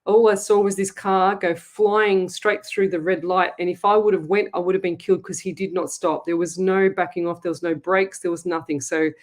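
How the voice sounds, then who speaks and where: A woman's voice: on the low side, normal speed, hardly any pauses. Chatty Australian woman psychic host. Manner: chatty, storytelling, animated. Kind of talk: live call-in psychic show.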